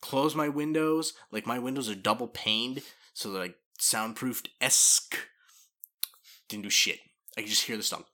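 A man co-hosting a casual podcast, relaxed and dry as he agrees and tells his own stories. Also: mid-range voice, moderate pace. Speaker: podcast co-host.

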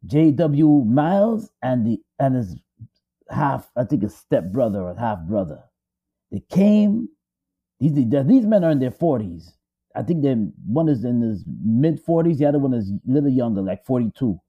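A man's voice: medium pitch, sing-song, moderate pace, husky. A man dramatically retelling a story, emphatic and repetitive, building suspense. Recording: dull lo-fi audio.

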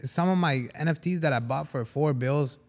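A man's voice: on the high side, normal speed. A man co-hosting a podcast, teasing the others in slangy casual chat and often cutting in. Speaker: podcast co-host.

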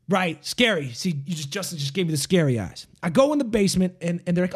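A man, co-hosting a podcast and telling a story in a casual, profane, animated way. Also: high-pitched, fast, few pauses, husky. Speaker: podcast co-host.

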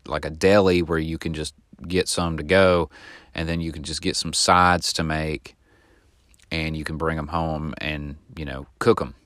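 A man hosting a podcast, telling a long personal story in a casual, rambling way and getting animated when he reenacts what people shouted. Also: low-pitched, no room sound, clean studio sound. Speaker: podcast host.

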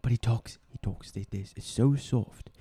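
A man's voice: medium pitch, moderate pace, mellow, husky, no echo. A young man co-hosting a casual podcast, blunt and profane, given to exasperated rants. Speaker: podcast co-host. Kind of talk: casual chat.

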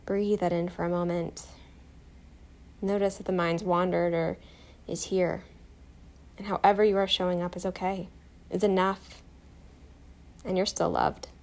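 A woman guiding a self-compassion meditation, soft, calm and encouraging, telling a short personal story. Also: fairly low pitch, measured pace, long pauses. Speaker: meditation guide.

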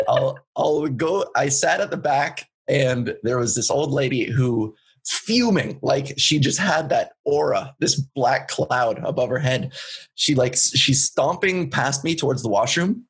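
A man's voice: medium pitch, lively intonation, a little slow, breathy edge. A young man from Canada, a comedian guest telling a story in casual chat, laid-back and laughing often.

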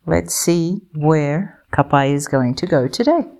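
A woman reading a picture book aloud for English learners, slow, clear and gentle. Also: low voice, expressive.

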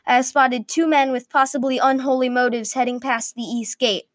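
A woman's voice: sits high, flat delivery, moderate pace, no echo, clean studio sound, pitched above the performer's own voice, close to an everyday voice. A woman voicing a restless, greedy young male castle guard in a read-aloud medieval story, calling out with urgency. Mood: formal. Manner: raised, urgent calls.

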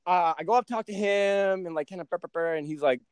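A man's voice: high voice, fairly quick, clear, resonant tone, no echo. A young man hosting a podcast, telling a brash story in casual chat, swearing constantly and calling his friend bro and dude. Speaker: podcast host.

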